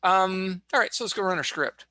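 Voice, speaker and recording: Gravelly, bright-voiced man demoing software. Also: high-pitched, normal speed, no echo. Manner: casual, chatty, jokes while he clicks through steps. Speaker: guest expert demonstrating software. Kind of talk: live screen-share tutorial. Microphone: video call.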